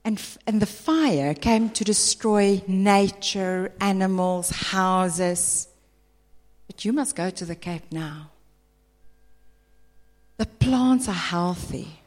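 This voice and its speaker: South African woman preacher, mid-pitched, animated sermon, long hall reverb. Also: takes it slowly. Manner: emphatic, animated, acts out people's voices.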